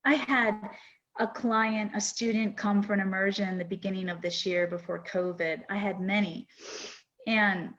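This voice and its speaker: A woman's voice: medium pitch, steady tone, normal speed, fairly bright tone. A woman in her fifties hosting a podcast, telling a personal story in an earnest, reflective and emotional way. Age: 50s. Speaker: podcast host. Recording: dull lo-fi sound.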